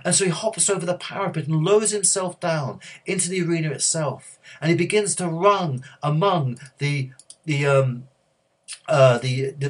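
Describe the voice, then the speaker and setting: A man preaching, telling a story with many halting restarts and growing hushed and earnest. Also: fairly high pitch, breathy edge. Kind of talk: sermon storytelling.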